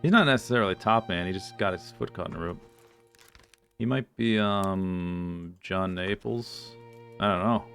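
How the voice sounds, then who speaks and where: Low-voiced man thinking aloud while gaming. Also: moderate pace, fairly bright tone, soft background music. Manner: thinking aloud, muttering to himself. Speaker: streamer. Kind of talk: casual gaming commentary. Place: home streaming setup.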